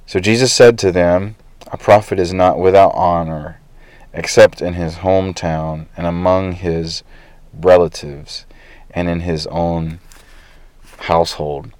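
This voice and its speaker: Low-voiced man preaching casually. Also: steady tone, a little slow, a little mellow, clear, resonant tone, dry recording. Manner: conversational preaching with fillers. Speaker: pastor. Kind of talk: sermon.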